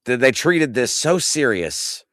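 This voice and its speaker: A man's voice: a little slow, dry recording, studio quality. A man in his thirties hosting a casual wrestling recap, ranting with exasperated, profane energy. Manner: animated ranting, swings loud and high when outraged. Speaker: podcast host.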